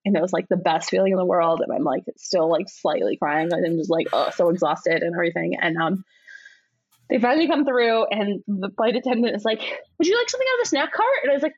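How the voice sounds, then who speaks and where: A woman telling a story in casual conversation, slipping into high imitated voices and laughing as she goes. Her voice is a little husky and the sound is dry and somewhat dull, like a modest home recording. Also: fairly even intonation, fairly quick, dry recording. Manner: laughs often while telling. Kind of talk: casual chat.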